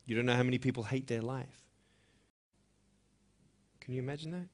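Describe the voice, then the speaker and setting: A young adult man giving an earnest, emphatic motivational speech to students, moving between hushed and loud passages. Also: mid-range voice, normal speed. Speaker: motivational speaker.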